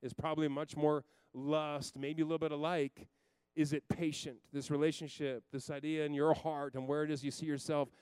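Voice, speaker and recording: Smooth-voiced man preaching emphatically. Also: on the high side, level tone, normal speed, few pauses, no room sound. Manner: emphatic, swinging from loud to hushed. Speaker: pastor. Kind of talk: sermon.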